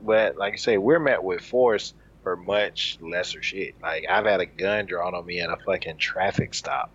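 A man's voice: low voice, fairly bright tone. A man in a casual group chat, talking emphatically and swearing freely. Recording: dull lo-fi recording.

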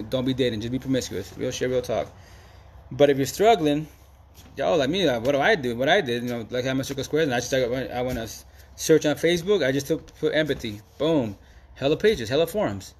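A man's voice: mid-range voice, a little mellow, a little hiss or hum. A man talking straight to camera in a casual, slangy monologue, full of emphatic repeats and street talk. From Seattle, USA. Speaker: Facebook Live vlogger.

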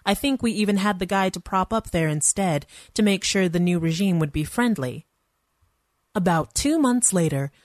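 A woman's voice: lowish voice, no echo, clean studio sound. A woman narrating a first-person story in a wry, conversational manner.

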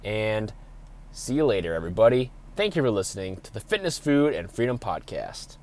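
A man hosting a solo fitness podcast, hoarse from being sick, talking in an energetic, announcer-like way with many fillers. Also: fairly low pitch, normal speed. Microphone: podcast microphone.

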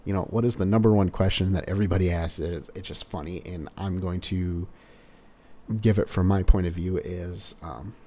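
A man's voice: low voice, fairly even intonation, moderate pace, warm tone. A male car salesperson giving casual sales advice in a rambling way, full of "you know" fillers.

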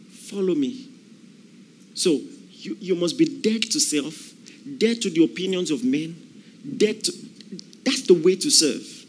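A man's voice: fairly high pitch, animated, measured pace, long pauses. A man preaching a sermon, emphatic, repeating key phrases and acting out the voices of people in the story.

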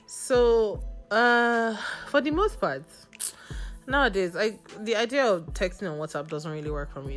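Lively woman telling a dating story. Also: mid-range voice. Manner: animated, laughing, playfully sassy. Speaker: podcast host. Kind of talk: casual storytelling.

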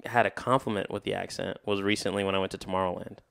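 A man in casual podcast chat, an animated storyteller who swears freely and acts out quoted lines. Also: low voice, fast talker, vocal fry, clean tone. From United States. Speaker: podcast host.

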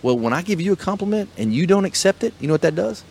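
Fast-talking middle-aged motivational host. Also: male voice, high voice, sing-song, vocal fry, a little mellow, a little hiss or hum. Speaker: podcast host and small business coach. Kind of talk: casual chat.

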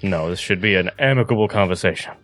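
A man with a lowish voice plays his tabletop character in a calm, wry, measured way. The sound is close and dry, with faint music behind it. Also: no echo. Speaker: player.

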